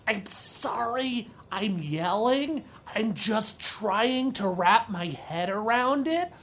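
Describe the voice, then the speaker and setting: An actress playing a frazzled female government agent who yells in exasperation. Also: a little high, expressive, slow pace, breathy edge, full character voice. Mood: exasperated. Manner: exasperated, yelling.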